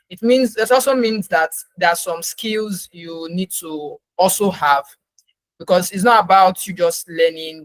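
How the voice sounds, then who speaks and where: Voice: mid-range voice, fairly bright tone, dry recording. A moderator giving casual advice in a loose way and checking in with listeners as they go. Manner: loose, with frequent fillers and restarts, checking in with "okay". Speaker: session moderator. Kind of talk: casual advisory talk.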